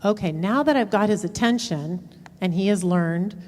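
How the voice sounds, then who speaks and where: A woman's voice: mid-range voice, normal speed, a little mellow. Woman counselor teaching in a reverberant hall. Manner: explanatory, acts out quoted dialogue. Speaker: relationship counselor. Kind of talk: workshop presentation. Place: lecture room.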